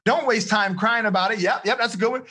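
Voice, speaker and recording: A man coaching teenagers on a video call, energetic and encouraging, quizzing his listeners as he teaches. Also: high-pitched, fast, husky. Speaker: life coach. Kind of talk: live online seminar for teens.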